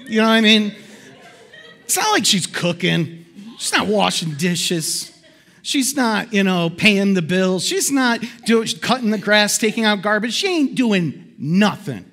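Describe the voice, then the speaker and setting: Pastor guy preaching, high voice that leaps all over, chatty and animated, talking to a church crowd. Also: unhurried. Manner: animated, conversational preaching with big swings in pitch. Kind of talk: sermon. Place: church hall before a congregation.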